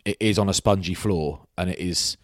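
A man with a very deep voice co-hosts a rugby chat, spinning long, matey anecdotes in a loose, casual way. His voice sounds dry and close to the mic. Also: normal speed, no room sound. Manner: rambling anecdotes, matey banter. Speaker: rugby podcast co-host.

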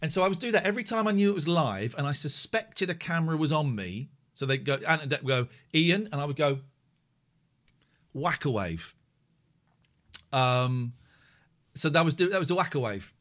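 A man streaming live, reacting to a clip of himself with mocking commentary and hushed asides. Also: a little high, normal speed, long pauses. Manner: animated and mocking, drops to a hushed inner voice.

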